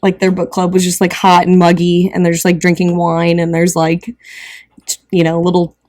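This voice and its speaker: A woman's voice: on the low side, monotone, normal speed, a little mellow, dry recording, clean studio sound. A woman with a Midwestern American accent co-hosting a casual chat podcast, rambling with lots of filler words. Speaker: podcast co-host. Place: front porch outdoors.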